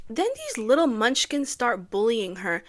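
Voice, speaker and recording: Excitable soprano woman, fairly high. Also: measured pace. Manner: excitable, swings from hushed whispers to loud outbursts. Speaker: YouTuber. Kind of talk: casual movie commentary.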